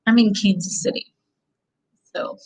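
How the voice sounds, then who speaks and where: A woman's voice: measured pace, poor audio. A woman from the Midwest chatting casually as a beauty vlogger while she gets ready, rambling and saying "like" often. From American Midwest. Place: home, Kansas City.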